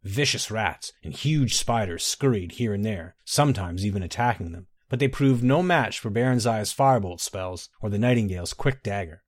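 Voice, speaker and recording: A man reading a fantasy story aloud in a measured, even narrating voice. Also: lowish voice, no room sound, clean studio sound.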